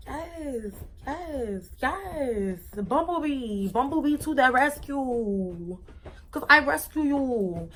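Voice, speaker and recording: Expressive young woman telling a story. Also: high voice, slow, slight background noise. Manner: expressive, dramatic, slangy. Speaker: vlogger. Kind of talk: casual storytime monologue.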